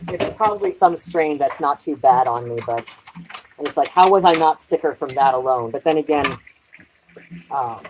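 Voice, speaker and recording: A woman's voice: low-pitched, animated, moderate pace, background noise. A woman chatting casually on a live stream while doing dishes at home, rambling, trailing off and swearing lightly.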